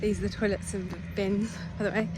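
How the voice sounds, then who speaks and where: A woman hosting a casual travel vlog, chatty and excitable with quick asides, filming on a handheld camera. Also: mid-range voice. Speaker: vlogger. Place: in a campervan on the road and outdoors. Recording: loud road and wind noise.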